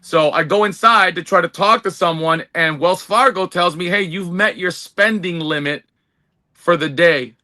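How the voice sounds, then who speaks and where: High bright voiced guy, excited and rambly, casual podcast chat. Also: normal speed. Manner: excited, rambling, restarts often. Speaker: podcast co-host.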